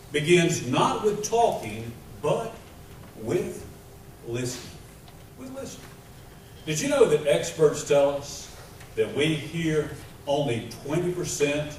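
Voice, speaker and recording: A man, a pastor, preaching a sermon with emphatic repetition and shifting loudness, recorded in a church sanctuary. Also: mid-range voice. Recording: echoey church room, mic at a distance, faint noise.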